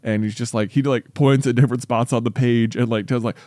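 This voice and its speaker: A man's voice: mid-range voice, fast talker, hardly any pauses, darkish tone, no room sound, studio quality. A man telling a story in casual chat, rambling with lots of "like", then reading a child's story aloud while trying not to laugh.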